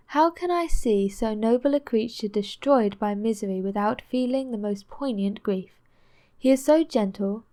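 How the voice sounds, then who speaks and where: Woman reading an old novel out loud, bit of a high voice, calm and steady. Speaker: audiobook reader. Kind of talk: audiobook narration of a classic novel.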